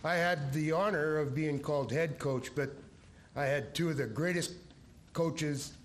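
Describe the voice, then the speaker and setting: A man's voice: on the high side, measured pace, slight background noise. A man who was head coach, giving a rambling speech at an awards ceremony and telling a team story full of fillers. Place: banquet hall.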